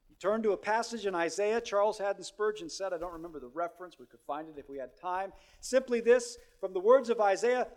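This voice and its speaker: A man preaching a sermon, moving between hushed storytelling and loud, emphatic exhortation. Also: high-pitched, expressive, brisk, few pauses.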